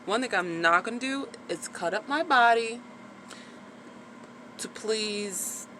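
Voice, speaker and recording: Bright-voiced, frank woman vlogger. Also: a little high, expressive, takes it slowly, a little hiss or hum. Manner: frank, chatty, peppered with "like" and swearing. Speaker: vlogger sharing her recovery after birth. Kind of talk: casual personal vlog talk.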